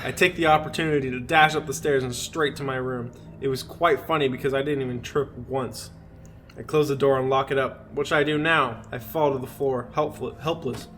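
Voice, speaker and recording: A man's voice: medium pitch, steady tone, a little fast, fairly bright tone, a little hiss or hum. Man hamming up a horror story. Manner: reads with hammy emphasis, breaks into laughter. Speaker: podcast co-host. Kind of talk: comic dramatic reading of a horror story.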